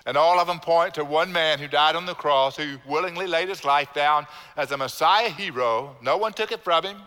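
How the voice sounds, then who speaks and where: A man's voice: fairly high pitch, normal speed, pushed and bright. A man, a pastor preaching a sermon with emphatic repetition and calling on the congregation to repeat lines. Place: church sanctuary. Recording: long church hall reverb.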